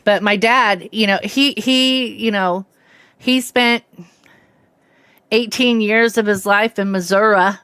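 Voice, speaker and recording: A woman's voice: mid-range voice, slow pace, a bit bright, clean tone, dry recording. A woman in her fifties with a slight Southern American accent who is hard of hearing, chatting casually and rambling as she hosts a game livestream and greets viewers by name. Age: 50s. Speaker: livestream host. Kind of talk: casual chat with viewers while streaming a game.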